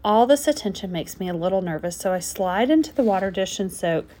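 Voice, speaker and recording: A woman narrating a children's storybook aloud in the first person of a frog, with gentle, expressive storytelling. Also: mid-range voice, fairly quick.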